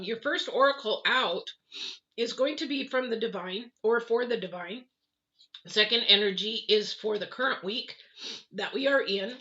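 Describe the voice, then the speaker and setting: A woman's voice: medium pitch, bright, forceful tone, lo-fi sound. A middle-aged woman giving a casual live tarot reading, chatty and rambling with self-deprecating asides. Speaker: tarot reader.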